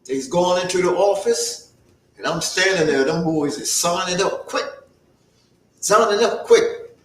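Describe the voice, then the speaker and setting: A man telling a first-person historical story in character as an earnest young farmhand turned soldier, with a folksy dialect and an unhurried storytelling manner. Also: sits high, echoey room, far from the mic, a little hiss or hum, rough recording. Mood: reminiscing.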